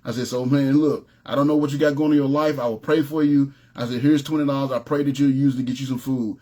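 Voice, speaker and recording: A man preaching an informal sermon, telling stories in a relaxed, streetwise way and often asking "you know what I'm saying". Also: medium pitch, fast talker. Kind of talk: conversational sermon with storytelling.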